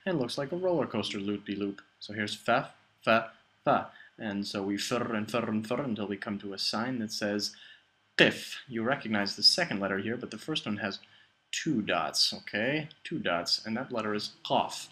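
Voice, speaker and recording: A man teaching the Arabic alphabet in a playful, patient lesson, sounding out each letter slowly and repeating it. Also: on the low side, sharp tone, rough recording. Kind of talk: explanatory lesson narration.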